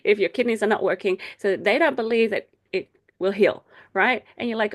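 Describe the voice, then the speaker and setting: A middle-aged woman leading a faith group meeting over a video call, explaining ideas in a casual, chatty way, laughing often and acting out quoted people in a higher voice. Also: brisk, hardly any pauses. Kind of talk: casual teaching talk.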